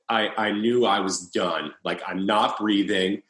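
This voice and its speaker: A man in his thirties, an interview guest, telling a personal story in a halting way with frequent restarts. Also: on the low side, fairly even intonation, a bit bright. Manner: halting, with many restarts and fillers. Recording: roomy echo.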